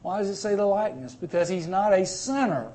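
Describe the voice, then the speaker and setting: A male preacher delivers a sermon in a fairly high voice. He speaks emphatically and swings between loud and soft. He repeats words and phrases for stress. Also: animated, fairly quick.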